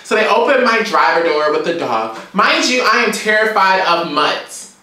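A woman from Georgia, telling a story in a sassy, animated, profane vlog rant. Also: mid-range voice, normal speed, far from the mic. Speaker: vlogger. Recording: very echoey room, away from mic.

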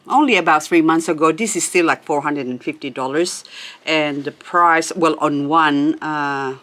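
Gushing, excitable woman showing off plants. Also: deep voice. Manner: gushing, excitable, chatty, laughs often. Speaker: succulent channel host. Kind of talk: casual plant haul vlog.

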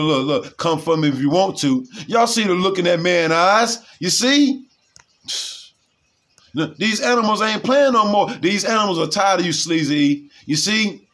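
A man with a high-pitched voice reads headlines aloud at a slow, deliberate pace, then breaks into loose, rambling commentary. He keeps circling back with repeated tags and questions to his listeners, in a casual, conversational delivery. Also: a bit bright. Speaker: news commentator.

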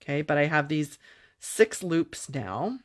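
A middle-aged woman chatting casually as she demonstrates a papercraft project, self-deprecating and quick to laugh. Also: low voice, animated. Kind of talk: casual craft tutorial.

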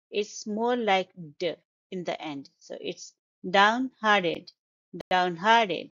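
A woman's voice: medium pitch, highs cut off. A woman teaching an English vocabulary lesson, carefully sounding out words syllable by syllable. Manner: slow, deliberate, stresses syllables.

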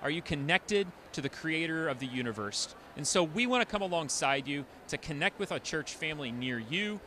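A man gives closing remarks for a church broadcast, talking conversationally with occasional fillers. His voice is bright and forceful, a bit high for a man, with faint background noise from outdoors. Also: animated, fairly quick. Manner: warm, conversational, with filler words. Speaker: church host. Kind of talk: closing remarks to online viewers.

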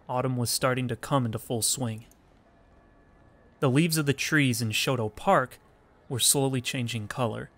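A man reading the inner monologue of a gloomy, reclusive teenage boy from a visual novel, in a low and mopey voice.

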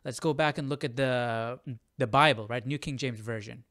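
A man's voice: mid-range voice, normal speed, fairly bright tone. A man hosting a casual reaction video, chatty and curious, thinking aloud as he reads through texts. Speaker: host.

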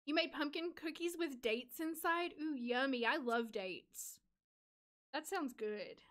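A woman's voice: high voice, moderate pace, a bit bright. A woman streaming a life-sim game, chatting casually with her chat and laughing often, with an American accent. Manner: giggly, chatty, reads and answers chat. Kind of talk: casual live-stream commentary.

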